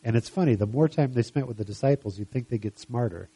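A man's voice: mid-range voice, expressive, fast, dark tone, breathy edge, dry recording. A man preaching a sermon, reading scripture passages aloud and then asking the listeners searching questions. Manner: reads scripture aloud with rising emphasis, then asks reflective questions.

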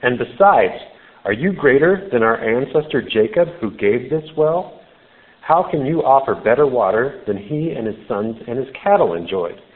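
A man's voice: medium pitch, very animated, measured pace. A man voicing a sarcastic, skeptical Samaritan woman at a well in a sermon retelling, his voice raised and mocking. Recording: tinny phone-like sound.

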